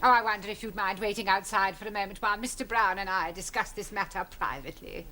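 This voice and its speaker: An actress playing a bossy, prim headmistress in a 1970s studio sitcom, clipped and commanding. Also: female voice, medium pitch, quick pace, pushed and bright, a little hiss or hum, lightly acted. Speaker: school principal.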